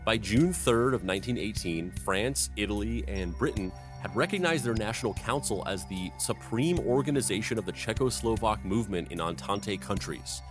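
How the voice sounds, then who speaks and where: A man's voice: fairly low pitch, lively intonation, normal speed, few pauses, over music. A man hosting a comedic history podcast, narrating events and breaking off into playful, silly tangents.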